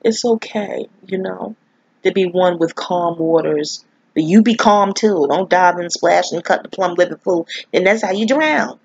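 New woman, husky, chatty and profane storyteller, dry lo-fi audio. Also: lowish voice, a little slow, darkish tone, no echo. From New York. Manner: candid, profane, rambling storyteller who laughs often. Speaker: astrology vlogger. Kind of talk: casual spoken monologue. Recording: dull lo-fi audio.

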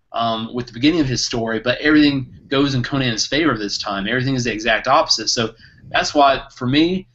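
A man co-hosting a podcast, excitedly retelling a story in a casual book chat with lots of laughter. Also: mid-range voice. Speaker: podcast co-host. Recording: muffled lo-fi recording.

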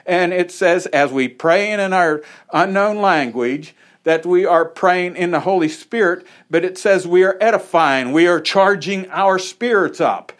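A man's voice: high-pitched, measured pace, few pauses, fairly bright tone. A man preaching an informal, conversational sermon in a small church, with folksy asides. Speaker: pastor.

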